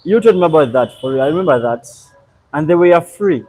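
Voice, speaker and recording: Husky man chatting on a live stream. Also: on the high side, a little fast, rough recording. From Uganda. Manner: relaxed, rambling, answering viewers' chat. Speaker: livestream host. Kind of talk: casual live stream chat.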